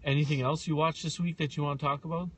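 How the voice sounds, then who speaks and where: A man co-hosting a casual podcast chat, teasing his friend loudly and acting out voices. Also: fairly high pitch, fast, breathy edge. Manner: teasing, loud and animated, acts out quoted voices. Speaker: podcast co-host.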